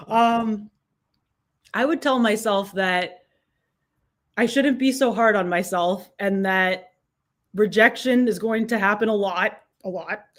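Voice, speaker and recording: A woman guest answering interview questions, grateful and giggly, often restarting on her first words. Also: mid-range voice. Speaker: guest filmmaker.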